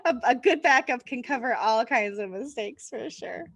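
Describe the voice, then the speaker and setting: A woman's voice: fairly high pitch, lively intonation, moderate pace, fairly bright tone, no room sound. A woman, hosting a casual interview chat and laughing often. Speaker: podcast host.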